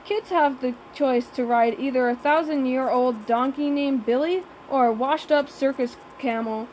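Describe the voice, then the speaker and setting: Woman narrator, high voice, wry and sarcastic, first-person audiobook reading. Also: moderate pace, darkish tone, slight background noise, low-quality recording.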